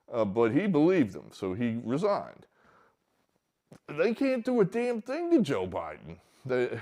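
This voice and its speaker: A man's voice: mid-range voice, a little mellow. A man giving casual, rambling solo political commentary from a barn, hesitant with many fillers and mocking outbursts.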